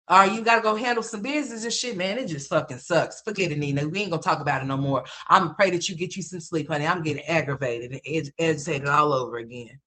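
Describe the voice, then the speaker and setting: Her low-pitched voice comes out pushed and bright as this fifty-something livestream host swaps blunt, profane stories with her live chat. She casually cracks herself up at her own jokes.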